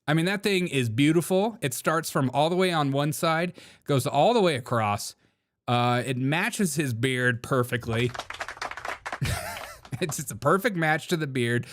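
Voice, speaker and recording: A man's voice: mid-range voice, fairly bright tone. A young man hosting a casual political commentary show, joking and laughing often, mocking people in put-on quotes. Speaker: show host.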